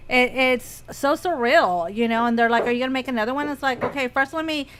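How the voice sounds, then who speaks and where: A woman's voice: fairly high pitch, brisk, background noise. A woman chatting casually on a radio show, telling stories animatedly, quoting others and laughing often.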